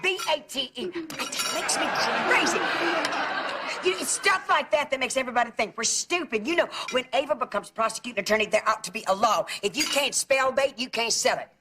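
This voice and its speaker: A woman's voice: on the high side, animated, brisk, natural voice. A woman plays a gossipy middle-aged aunt, rattling on about neighbors and bad spelling in a raised, chatty voice. It sounds like noisy audio from an old TV sitcom. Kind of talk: sitcom acting.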